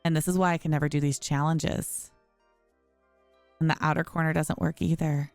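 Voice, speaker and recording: A woman's voice: sits low, steady tone, moderate pace, vocal fry, darkish tone, no echo, faint music behind. A woman streamer chatting casually through a home-building game, often exasperated and talking to her viewers. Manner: chatty, frustrated, talks to viewers as y'all. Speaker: gaming streamer. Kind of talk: casual gameplay commentary.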